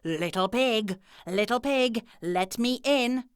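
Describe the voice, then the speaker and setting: A woman's voice: mid-range voice, expressive, slow pace, a bit bright, no room sound, clean studio sound. A woman voicing a crafty, sly male wolf from a storybook, speaking falsely sweet. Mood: demanding.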